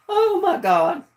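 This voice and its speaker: A woman's voice: extremely high pitch, a little mellow. A woman hosting a live trivia stream in a casual, chatty way, often breaking into giggles and talking straight to her viewers. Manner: chatty, addressing viewers directly. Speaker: livestream trivia host.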